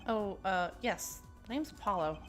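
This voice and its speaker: A woman's voice: mid-range voice, expressive, normal speed, a bit bright, soft background music, close to an everyday voice. A woman voicing a flustered, earnest young male defense attorney who talks in a protesting, exasperated way. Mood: polite.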